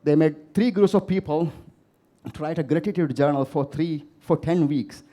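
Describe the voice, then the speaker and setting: A man from the Maldives delivers a motivational keynote to a live audience, weaving in stories and putting questions to the crowd. His voice sits on the high side, warm in tone, at a moderate pace.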